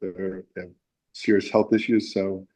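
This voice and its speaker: A man's voice: sits low, little pitch movement, normal speed, warm tone, rough recording. A man guest in a casual interview, telling a story with lots of fillers and acted-out quotes. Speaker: musician guest.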